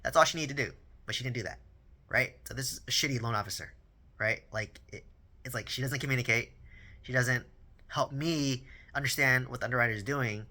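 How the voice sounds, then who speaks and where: Casual male vlogger, thirties, bright tense tone, chatty storyteller who restarts words often. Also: medium pitch, brisk. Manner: rambling storytelling, lots of "right?" and repeated words. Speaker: vlogger on real estate and personal finance. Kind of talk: casual talking-head monologue.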